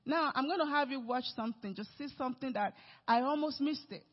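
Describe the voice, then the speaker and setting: A male pastor preaching a sermon, emphatic, with sudden swings between loud and soft. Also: very high-pitched, brisk, slightly rough. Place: church sanctuary. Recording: reverberant hall, dull sound.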